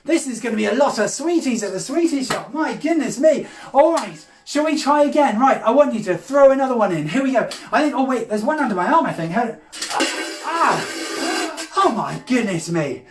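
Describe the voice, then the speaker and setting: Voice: medium pitch, big pitch swings, fairly quick, hardly any pauses, recorded from a distance. Kids' magician, big gasps and hammy surprise, off-mic in an echoey room with faint hiss. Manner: exaggerated gasps and cries of surprise; talks straight to children as boys and girls. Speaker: children's magician. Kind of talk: lively kids' magic show patter. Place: room at home during lockdown.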